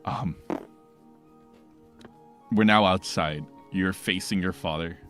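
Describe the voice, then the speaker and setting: Rambling game master, male, low voice, faint music underneath. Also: takes it slowly, a bit bright. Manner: loose, rambling, full of "like". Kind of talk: narrating a tabletop game.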